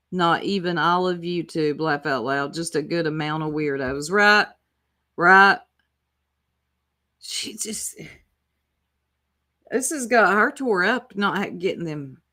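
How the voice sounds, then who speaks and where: Sarcastic woman with a bright voice. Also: lowish voice. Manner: sarcastic, profane, talks back to clips. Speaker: YouTube commentator. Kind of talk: casual reaction commentary.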